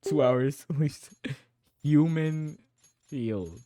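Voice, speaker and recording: A man's voice: on the high side, extremely slow, dark tone, clear, resonant tone, dry recording, clean studio sound. A young man streaming a reaction, talking in a casual, rambling, profane way and correcting himself as he goes.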